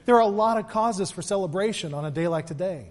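A man giving an earnest Easter sermon as pastor, repeating words and moving between quick asides and slow, weighty emphasis. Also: high voice, a little mellow. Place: church sanctuary. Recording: long reverb of a large hall.

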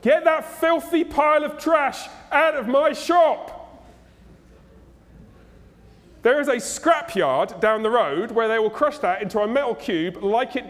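A preacher playing a harsh, contemptuous male repair shop owner who shouts insults at his customer. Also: high-pitched, pitched above the performer's own voice. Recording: echoey hall.

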